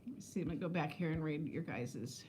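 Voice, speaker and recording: A woman in her fifties chats casually on a live stream from home, reading viewer comments and laughing often as she answers them. Her voice sits low and a little mellow, moving fairly quickly, with a slight hiss or hum in the recording.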